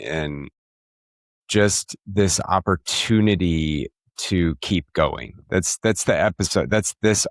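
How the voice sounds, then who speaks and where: Male podcast host, very low, slow voice, reflective. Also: no room sound, studio quality. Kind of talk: casual interview chat.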